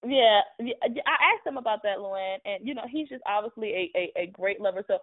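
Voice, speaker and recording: A woman's voice: mid-range voice, expressive, fairly quick, no echo. A woman hosting a sports radio call-in show, hesitant and full of fillers but patient with the caller. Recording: phone-like dry audio.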